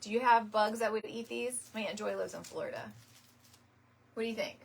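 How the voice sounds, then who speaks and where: A woman's voice: medium pitch, moderate pace, creaky, slight background noise. A woman, chatting casually and laughing often as she makes a wreath live and greets viewers by name. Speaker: wreath-making live stream host. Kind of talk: casual chat while crafting on a live stream.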